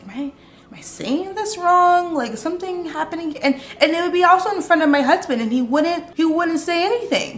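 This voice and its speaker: A woman vlogging casually to camera, telling stories in a chatty, expressive way. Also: mid-range voice, reverberant. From United States.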